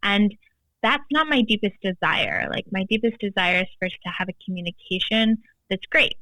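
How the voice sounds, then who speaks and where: A woman's voice: mid-range voice, normal speed, bright, forceful tone, dry recording, poor audio. Emphatic woman coach, dry close sound. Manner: emphatic, frequent "like" fillers. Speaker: guest, tantra and embodiment coach. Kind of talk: casual podcast chat.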